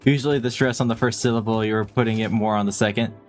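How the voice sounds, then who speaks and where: A man's voice: lowish voice, fairly even intonation, fast talker, soft background music. A man streaming a game live, chatting casually in a playful, jokey, self-deprecating way and laughing often.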